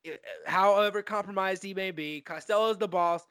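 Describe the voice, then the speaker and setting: A man co-hosting a podcast, chatting casually about a film, excitable and profane, full of fillers and restarts. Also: sits high, normal speed, smooth. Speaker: podcast co-host.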